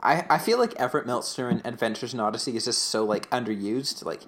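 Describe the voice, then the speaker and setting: A man co-hosting a podcast, recapping an episode in casual chat, rambling with lots of fillers and slipping into quick voices for quotes. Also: mid-range voice, lively intonation, fairly bright tone, a little hiss or hum. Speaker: podcast co-host.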